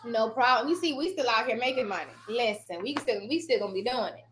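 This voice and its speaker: A fast-talking woman with a voice on the high side and a fairly bright tone hosts a casual live stream as a notary trainer in her home office. She's chatty and rambling, frequently loses her thread and laughs. The sound is roomy with a little hiss or hum.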